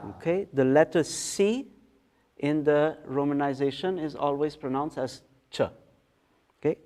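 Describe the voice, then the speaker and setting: Slow, patient man teaching mantra pronunciation. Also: on the high side, darkish tone. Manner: patient, explains step by step, often checks in with "okay?"; chants words slowly and drawn out. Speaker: meditation teacher. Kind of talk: guided mantra pronunciation lesson. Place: meditation hall.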